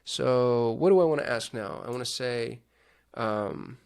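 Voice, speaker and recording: Gravelly man thinking aloud. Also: mid-range voice, unhurried, darkish tone. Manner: thinks aloud, chatty asides. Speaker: digital marketing host. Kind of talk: casual screen-share walkthrough.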